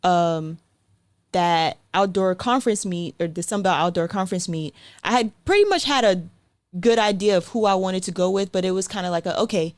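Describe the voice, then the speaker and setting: A young woman tells her story to interview hosts in an easy, animated way, voicing other people as she goes. Her voice sits at a middle pitch. It is recorded close and dry, with no room sound. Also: no echo. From South Carolina, USA. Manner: chatty, animated, acts out quotes, frequent "like" and light laughs. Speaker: guest sprinter.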